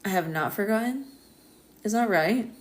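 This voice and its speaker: An American woman in a casual live-stream chat, answering viewers' comments in a relaxed, chatty way and laughing often. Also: mid-range voice, moderate pace. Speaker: astrologer hosting a live stream.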